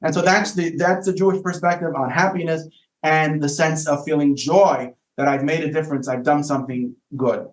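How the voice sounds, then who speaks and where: A man's voice: fairly high pitch, steady tone, normal speed. Man speaking in an echoey room. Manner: thoughtful, repeats words while searching for phrasing. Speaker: rabbi, podcast guest. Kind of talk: casual explanatory conversation.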